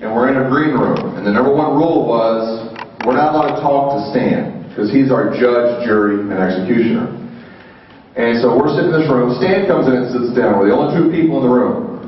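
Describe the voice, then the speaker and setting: A man's voice: medium pitch, fairly quick, slight background noise. A man emceeing a convention panel, telling stories to the crowd and acting out quotes and sound effects. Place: large convention hall. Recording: echoey hall, distant mic, muffled.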